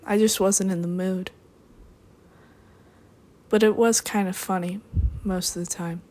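Young adult woman, mid-pitched, deadpan rambler with dry throwaway asides. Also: unhurried. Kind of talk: rambling solo monologue.

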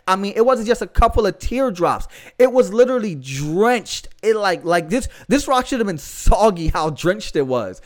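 High-voiced man preaching with fervor. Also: very animated, normal speed, few pauses. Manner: fervent, emphatic storyteller with casual asides. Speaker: podcast host. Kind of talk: passionate testimony podcast.

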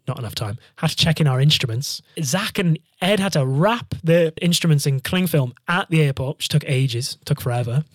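A man's voice: mid-range voice, dry recording, clean studio sound. A man telling long, jokey travel stories in casual chat, swearing freely and rambling.

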